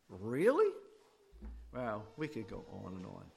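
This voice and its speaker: A man's voice: medium pitch, wildly swooping pitch, slow, creaky. A middle-aged man teaching a faith class in a classroom, talking conversationally and putting questions straight to his students. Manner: conversational, asks students directly, voice rises and drops widely.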